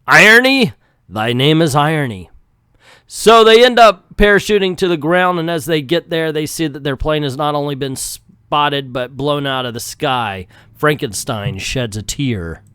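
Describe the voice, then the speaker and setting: A man's voice: fairly high pitch, moderate pace, few pauses, clear, resonant tone, no room sound. Jokey man reviewing a comic, dry sound. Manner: jokey, casual, animated. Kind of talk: comic book read-through and review.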